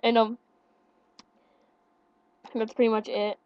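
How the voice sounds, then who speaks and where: Shy young woman, soft and awkward. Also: a little high, level tone, slow pace, clean tone, dry recording. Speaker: friend of the vlogger. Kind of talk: casual storytelling. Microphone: webcam. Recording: dry, lo-fi webcam audio.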